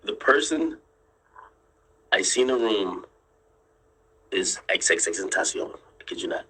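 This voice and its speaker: A man's voice: fairly low pitch, lively intonation, a little slow, pushed and bright, husky, poor audio. A man telling his viewers a story in casual chat, insistent, repeating himself and swearing freely as he explains. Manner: draws on screen while explaining. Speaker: streamer and commentator.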